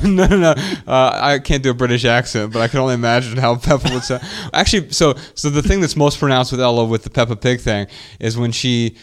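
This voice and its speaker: A man's voice: medium pitch, a little fast, hardly any pauses, slight background noise. A man in his thirties co-hosting a podcast, telling family stories in a casual, reflective way. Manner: reflective, storytelling, animated when quoting his daughter. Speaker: podcast co-host.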